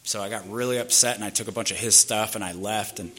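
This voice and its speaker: A man's voice: lowish voice, steady tone, fast talker, sharp tone. A man in his thirties candidly telling his own life story in a loose, rambling way, peppered with fillers. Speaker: speaker sharing his recovery story.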